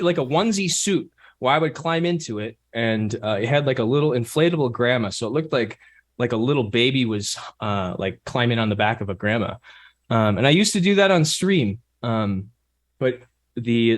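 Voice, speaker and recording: Male streamer guest, mid-pitched, animated intonation, loose and rambling. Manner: relaxed, rambling, amused, many fillers. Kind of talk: casual interview chat.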